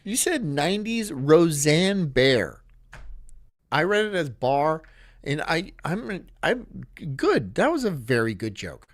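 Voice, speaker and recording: Male stream host, rambling crude banter, animated pitch, dry voice. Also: takes it slowly, no room sound. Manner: rambling, laughing at his own jokes, loud bursts.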